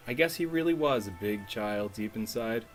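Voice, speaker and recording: A man's voice: lowish voice, expressive, normal speed, pitched below the performer's own voice, lightly acted, poor audio. A man reading the lines of an earnest young woman heroine aloud in a game, in his own voice. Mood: wistful. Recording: faint music underneath.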